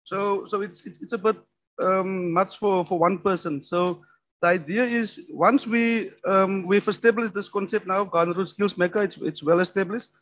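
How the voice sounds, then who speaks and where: Hesitant high-voiced man. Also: steady tone, normal speed, fairly bright tone, slight background noise. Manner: hesitant, many ums and restarts. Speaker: municipal skills official. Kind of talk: presenting at a public forum. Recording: dull lo-fi recording.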